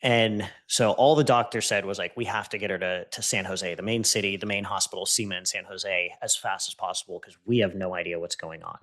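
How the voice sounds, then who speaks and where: A man with a somewhat low voice tells a deeply personal story as a podcast guest. He speaks with earnest intensity and sinks to a hushed, low tone whenever he repeats words that were spoken to him. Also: steady tone, brisk, few pauses. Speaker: podcast guest, entrepreneur and coach. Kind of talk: emotional personal storytelling in conversation.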